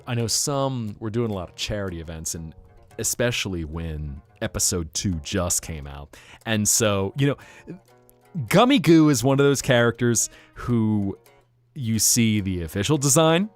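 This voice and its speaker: Playful lowish-voiced male streamer. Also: big pitch swings, unhurried, soft background music. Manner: playful, teasing, jokey. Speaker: VTuber streamer. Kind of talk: casual live-stream chat.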